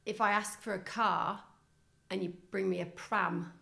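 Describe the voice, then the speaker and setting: A woman's voice: mid-range voice, fairly even intonation, gravelly, pushed and bright. A middle-aged woman co-hosting a podcast, telling stories in a chatty way and laughing often. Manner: chatty, storytelling, quick to laugh. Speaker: podcast co-host. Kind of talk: casual chat.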